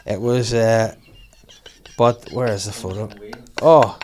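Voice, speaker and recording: A young man hosting a podcast, telling rapid, animated stories full of laughter and sweary acted-out inner voices. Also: fairly low pitch, heavy background noise. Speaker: podcast host. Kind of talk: casual chat, storytelling.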